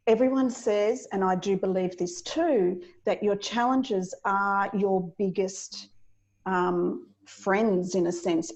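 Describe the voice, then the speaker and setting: A woman coach, a guest on a podcast, talks in an earnest, heartfelt way. Her voice sits at an ordinary middle pitch, and her manner is gentle and sincere. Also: poor audio. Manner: earnest, heartfelt spiritual sharing. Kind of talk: casual interview chat.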